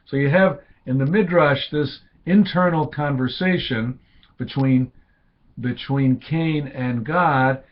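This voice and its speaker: Man lecturing with many fillers, lo-fi. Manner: unhurried, thinking aloud with many fillers and restarts; quotes Hebrew and acts out speakers with raised pitch. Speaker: lecturer on rabbinic texts. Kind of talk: informal recorded lecture.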